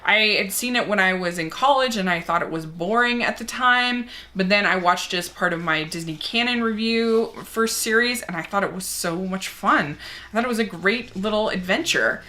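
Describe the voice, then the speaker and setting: A woman's voice: mid-range voice, moderate pace, bright, forceful tone. A young woman reviewing movies, chatting casually and enthusiastically as she answers a movie tag.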